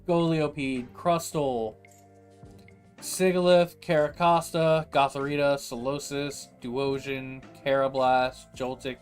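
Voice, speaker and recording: Young male streamer, lively reactions, light music bed. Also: mid-range voice. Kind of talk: casual livestream chat.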